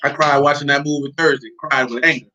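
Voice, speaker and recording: A man's voice: a little high, steady tone, fast, pushed and bright, rough recording. A man preaching in a loose, conversational way, joking and talking straight to his congregation. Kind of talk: conversational sermon.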